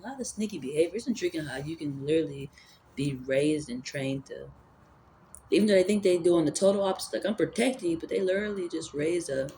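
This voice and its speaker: A spiritual vlogger with a warm, medium-pitched voice talks fast, thinking aloud about energy and spirituality amid slight background noise. The monologue is casual and rambling, full of fillers and restarts.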